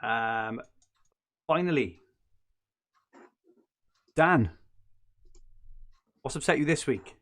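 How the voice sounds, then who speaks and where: A man hosts a podcast and keeps the chat rolling. He laughs easily and restarts his sentences often. His voice is middle-pitched. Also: expressive, very slow, long pauses, fairly bright tone. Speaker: podcast host. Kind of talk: casual chat.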